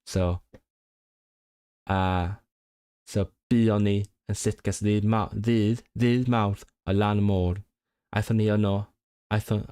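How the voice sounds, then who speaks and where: A young man with a fairly low, smooth voice works through practice sentences, repeating words and stopping to correct himself. He talks casually, switching between study and chatter, recorded close and dry with almost no room sound. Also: darkish tone, no room sound. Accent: non-native Welsh learner. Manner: thinks aloud, reads Welsh sentences aloud, self-corrects and repeats words. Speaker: language learner streamer. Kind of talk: casual livestream study session.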